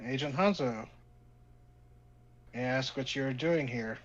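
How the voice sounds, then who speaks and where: A woman's voice: very deep voice, measured pace. A man playing a cool, guarded woman federal agent who smokes, speaking in a clipped, wary way over a dull lo-fi line.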